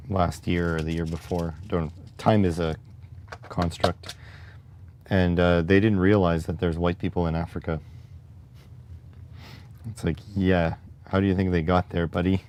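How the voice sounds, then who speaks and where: A man with a low, deep voice hosts a relaxed livestream. He rambles in a wry, conversational way and answers his chat as he goes. Faint background noise sits under his voice. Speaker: livestream host.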